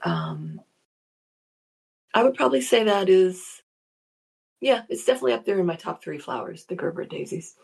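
A woman hosting a live show as a spiritual psychology practitioner, chatting casually, greeting listeners by name and reading their comments, with a gravelly voice. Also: medium pitch, huge pitch swings, normal speed, pauses often, darkish tone. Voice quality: gravelly morning voice.

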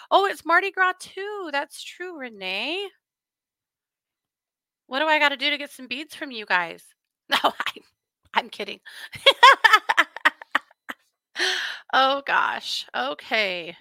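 Bright, chatty woman streamer. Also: mid-range voice, creaky, no room sound. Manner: chatty and rambling, laughs often, many asides and restarts. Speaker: livestream host reading viewer comments. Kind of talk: casual true-crime chat with viewers.

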